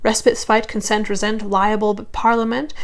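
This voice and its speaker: A woman with a Midwestern American accent, a linguist, reading a poem carefully and deliberately, then chatting casually to her viewers. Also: mid-range voice, little pitch movement. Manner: careful, deliberate reading with slowed-down tricky words. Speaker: linguist and channel host.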